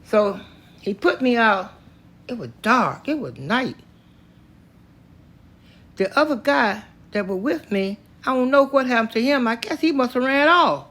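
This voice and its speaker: An older man from Tennessee, slowly and plainly recounting a story from his own life. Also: very high-pitched, very animated, fairly bright tone. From Tennessee, US South. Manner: slow, plainspoken, matter-of-fact telling. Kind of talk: spoken personal story.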